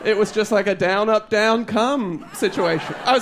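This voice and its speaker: High-voiced man doing stand-up. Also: brisk, hardly any pauses, a crowd in the background, noisy background. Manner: chatty, rambling, laughs at his own jokes. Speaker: stand-up comedian. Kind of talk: stand-up comedy set. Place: live comedy show stage.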